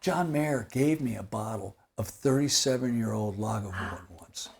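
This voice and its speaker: Husky seventy-year-old man telling stories. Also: lowish voice, normal speed. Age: 70s. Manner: rambling, animated, laughs while telling stories. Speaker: guitar maker and company founder. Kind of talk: casual interview storytelling.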